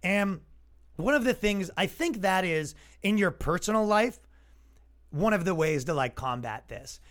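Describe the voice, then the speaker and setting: Male comic podcast host, high-pitched, casual sarcastic rant. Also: lively intonation, measured pace, fairly bright tone. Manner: exasperated, sarcastic, acts out quoted voices.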